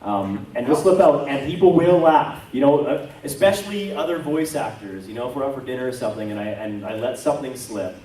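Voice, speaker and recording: A man's voice: mid-range voice, lively intonation, a little fast, hardly any pauses, warm tone. A Canadian man, a voice actor, talking casually and self-deprecatingly at a convention panel. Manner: chatty, self-deprecating, rambling with many asides. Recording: echoey hall, from far off.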